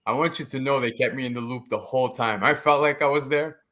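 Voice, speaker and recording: A man's voice: mid-range voice, fast talker, a bit bright. Guy teasing his buddies on a live show, upbeat and playful. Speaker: guest co-host. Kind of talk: casual chat.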